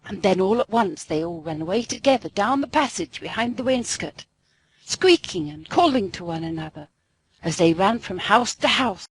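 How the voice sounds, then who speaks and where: A woman narrating a classic storybook aloud in an expressive, sing-song way. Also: medium pitch, moderate pace, husky, rough recording.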